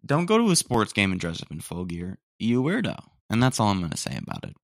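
A young man rambles through a casual solo podcast, piling on slang and mock outrage. His voice sits fairly low, and the sound is close and dry with no room in it. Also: huge pitch swings, fast talker, gravelly, dry recording. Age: young adult. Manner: rambling, slangy, says "dude" often, mock-indignant. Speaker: podcast host. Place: room at home, roommates nearby.

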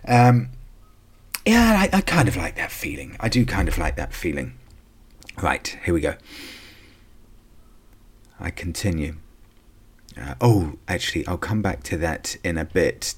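A man's voice: deep voice, husky. An English man hosting a casual solo podcast, chatty and rambling, with emphatic asides and lots of fillers. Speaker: podcast host.

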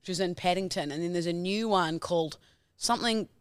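A young woman, her voice raspy and hoarse after a tiring weekend, telling a bubbly, giggly story as a podcast co-host. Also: lowish voice, fairly quick, dry recording, clean studio sound. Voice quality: raspy, partly lost voice. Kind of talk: casual chat.

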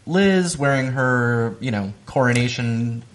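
A woman's voice: a bass voice, lively intonation, slow. A woman co-hosting a podcast, recapping the plot in a dry, laid-back way. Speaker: podcast co-host. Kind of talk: casual recap chat.

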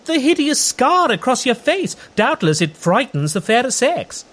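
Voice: mid-range voice, very animated, normal speed, fairly bright tone. An actor playing a boastful, lovestruck male knight in a comedy audio drama, speaking in grand, flowery, old-fashioned language. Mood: blithe. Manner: grandiose archaic speech, flowery and theatrical.

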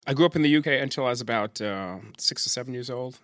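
A man's voice: medium pitch, quick pace, a bit bright, dry recording, clean studio sound. A middle-aged man, a judge born in England, telling rambling stories in casual talk with many restarts and fillers. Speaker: judge, podcast guest. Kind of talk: casual conversational storytelling.

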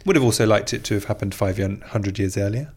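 A man's voice: lowish voice, fairly quick, a little mellow, slightly rough. A man hosting a podcast, reading listener messages aloud in chatty, playful casual talk. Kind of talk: casual chat.

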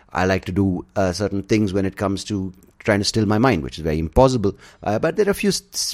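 Guy ranting on his show, low voice but really lively, sarcastic and sweary. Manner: sarcastic, profane, animated ranting. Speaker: podcast host. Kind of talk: casual ranting monologue.

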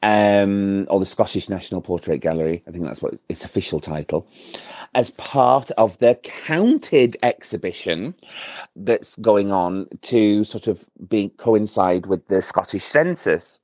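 A man's voice: lowish voice, unhurried, darkish tone, dry recording. A camp man from Bradford, chattily and cheekily showing off in a voice message to a podcast. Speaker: listener leaving a voice note. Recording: dull, dry voice-note recording.

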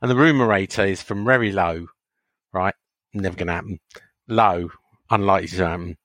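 Man, podcast co-host, laid-back, plain-spoken, low voice, dry sound. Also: brisk, a bit bright, no room sound. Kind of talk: casual banter.

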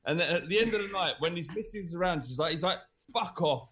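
A man with a slightly high voice co-hosts a casual podcast, hammering his points home with repeated phrases. He swears freely and talks with forceful insistence. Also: rapid-fire. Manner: emphatic, repetitive, swearing rants. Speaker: podcast co-host. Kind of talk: casual banter.

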